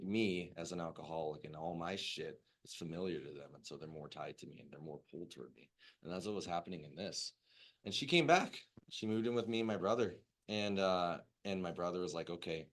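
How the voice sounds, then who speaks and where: A young man sharing his recovery story in a loose, rambling way, with lots of fillers and swearing. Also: low voice. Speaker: recovery meeting speaker. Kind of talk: personal recovery story, casual.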